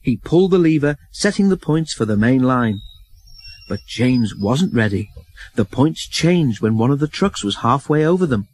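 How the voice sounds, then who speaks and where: A man narrating a children's storybook in an expressive, even reading. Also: mid-range voice, moderate pace, dry recording, rough recording.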